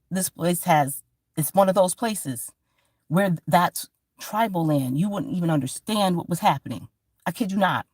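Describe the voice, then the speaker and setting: A woman from Georgia, talking in a rambling, profane, animated monologue as a vlogger. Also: medium pitch, husky, dry recording, clean studio sound. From Georgia, USA. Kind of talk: casual monologue to camera.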